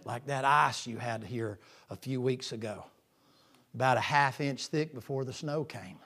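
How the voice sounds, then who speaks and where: A man preaching a sermon in a folksy way, swinging from loud passages to hushed whispers. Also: medium pitch, measured pace. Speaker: pastor.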